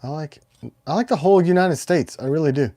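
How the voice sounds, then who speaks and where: A man's voice: on the high side, brisk, dark tone. A middle-aged man from Michigan's Upper Peninsula who hosts a livestream about his knives. He chats casually, rambles and laughs often. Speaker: knife maker hosting a livestream. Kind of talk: casual chat.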